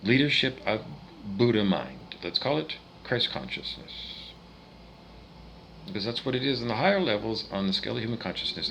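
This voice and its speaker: A man from Canada ranting angrily, swearing often and swinging between loud outbursts and quieter muttering. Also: lowish voice, big pitch swings, moderate pace, gravelly, a little hiss or hum, rough recording. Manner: profane, agitated ranting with swings in loudness. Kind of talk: angry rant monologue.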